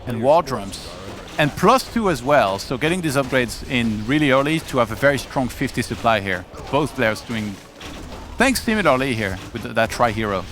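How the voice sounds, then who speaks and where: A man doing live commentary on a strategy game match, getting excited on big plays. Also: medium pitch, moderate pace, slight background noise. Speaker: esports commentator. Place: event studio.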